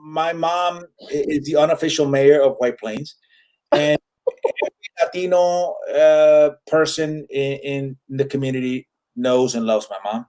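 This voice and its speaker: A man's voice: on the high side, fairly even intonation, unhurried, a little mellow. A man in his forties with a Puerto Rican accent, a comedian chatting casually as a guest and switching between two languages. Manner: switches freely between English and Spanish, many fillers. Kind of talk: casual interview chat.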